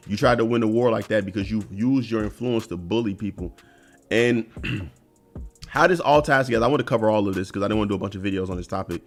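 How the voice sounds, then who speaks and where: A commentary channel host with a lowish voice talks earnestly and conversationally in a solo video, often restarting sentences and filling pauses with um and uh, with faint music behind him.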